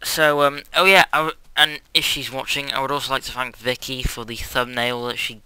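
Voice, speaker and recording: A man's voice: medium pitch, level tone, fairly quick, bright, forceful tone, clean tone, no room sound, rough recording. A young man rambling through a Let's Play at home, hyperactive and self-mocking, with sudden squeals and whispered asides. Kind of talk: casual gameplay commentary. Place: quiet house at home.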